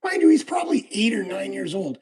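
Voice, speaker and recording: A man's voice: high-pitched, big pitch swings, brisk, a little mellow, breathy edge. A man hosting a casual livestream, chatting to viewers and rambling through stories with lots of fillers as he picks locks. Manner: rambling, laid-back storytelling with frequent fillers. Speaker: livestream host. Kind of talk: casual livestream chat while lockpicking.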